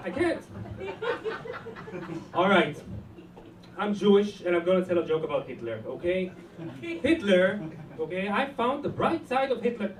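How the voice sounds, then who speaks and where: Animated Israeli man doing stand-up. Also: sits high, measured pace, long pauses, background noise. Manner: animated, punchy delivery. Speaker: stand-up comic. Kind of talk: stand-up set. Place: comedy club. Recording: roomy club sound from a distance. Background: audience laughter.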